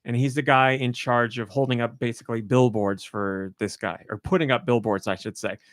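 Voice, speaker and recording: Male podcast host, casual storyteller, lively voice-acting of quotes, dry studio sound. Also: brisk, no room sound. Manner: animated storytelling, voices quoted lines in a high excited pitch. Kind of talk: casual chat.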